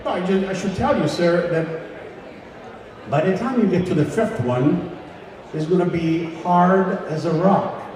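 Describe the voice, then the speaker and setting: A man's voice: high voice, unhurried, pauses often, darkish tone, heavy reverb, in a large hall, recorded from a distance. A man voicing a polite fifteen-year-old boy working at a bakery in a joke. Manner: polite, helpful.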